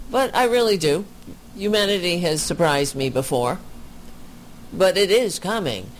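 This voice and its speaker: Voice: medium pitch, a little hiss or hum. A commentator reacting to a clip with indignant, sarcastic remarks.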